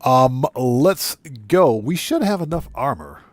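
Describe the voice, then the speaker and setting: A man's voice: mid-range voice, very animated, slow, darkish tone, dry recording. A man live-streaming a game, chatting casually, greeting new subscribers and reading viewers' messages aloud. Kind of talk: live gameplay commentary.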